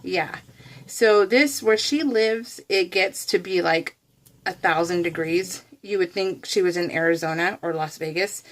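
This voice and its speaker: A woman's voice: fairly low pitch, unhurried. A woman vlogger telling a rambling, chatty story in a casual voice-over, often laughing and poking fun at herself. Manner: self-deprecating. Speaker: craft vlogger.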